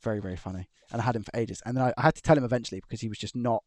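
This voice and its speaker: A man's voice: medium pitch, rapid-fire, darkish tone, no room sound. Chatty man, dry close sound. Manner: rambling, chuckling storyteller who restarts sentences. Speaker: electronics repair live streamer. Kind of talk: casual chat on a live stream. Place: his own room at home.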